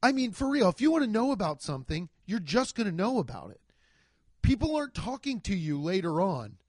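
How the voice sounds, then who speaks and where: A man hosting his own podcast from home, ranting in a rambling, profane, animated way. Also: high voice, brisk, no room sound, studio quality. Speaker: podcast host. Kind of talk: solo comedic rant. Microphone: desk microphone.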